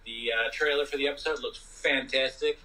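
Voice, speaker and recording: A man's voice: medium pitch, steady tone, fairly quick, sharp tone, far from the mic, low-quality recording. A man co-hosting a podcast, chatting casually about movies, rambling and dropping "you know" often. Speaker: podcast co-host. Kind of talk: casual movie review chat.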